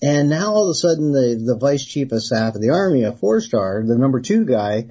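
Mellow, husky man telling a story. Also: mid-range voice, fairly quick, muffled recording. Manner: animated storyteller who acts out quoted dialogue and laughs. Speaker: guest, retired Army researcher. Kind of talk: storytelling in an interview.

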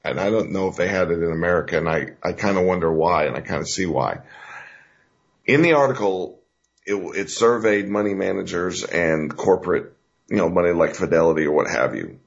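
A man's voice: sits low, expressive, fairly quick, creaky. A man hosting a talk radio show, talking in an emphatic, folksy, rambling way with fillers. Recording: dull lo-fi radio recording.

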